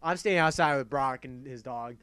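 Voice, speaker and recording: A young man hosting a casual talk show, telling a story in an animated way, laughing and swearing often. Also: medium pitch, brisk, clean tone, no room sound. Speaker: podcast host.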